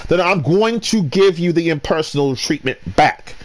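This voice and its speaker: A man ranting while commentating his gameplay, restarting sentences and swinging between loud outbursts and low muttering. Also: animated, normal speed, hardly any pauses. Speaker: gamer.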